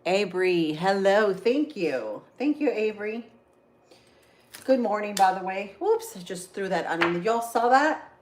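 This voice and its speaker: A woman's voice: mid-range voice, big pitch swings, a little slow. A woman hosting a casual cooking livestream, chatting with viewers as she slices vegetables and often exclaims "oh Lord". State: teary from onions. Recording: echoey kitchen, faint noise.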